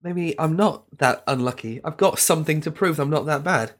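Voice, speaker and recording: A man's voice: a little high, moderate pace, background noise. A man, chatting casually as co-host, wry and teasing. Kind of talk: casual chat.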